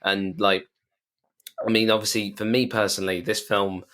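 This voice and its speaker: A man with a slightly low voice talks films with friends on a podcast. He rambles and circles back through fillers. The sound is plain and close. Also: level tone, normal speed, bright, forceful tone. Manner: rambling, lots of fillers, acts out lines from the film. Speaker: podcast co-host. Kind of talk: casual film chat.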